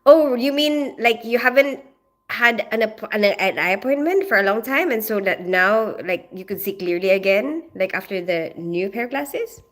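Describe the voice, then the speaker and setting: A woman's voice: mid-range voice, expressive, normal speed, fairly bright tone. A woman from the Philippines, a nurse chatting casually on a livestream, rambling with lots of "you know" and "like". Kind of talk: casual livestream chat, greeting viewers.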